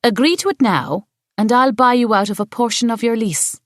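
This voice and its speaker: A woman doing a brisk, pushy landlady. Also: on the high side, no room sound, studio quality, pitched above the performer's own voice, close to an everyday voice. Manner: brisk, businesslike, pressing.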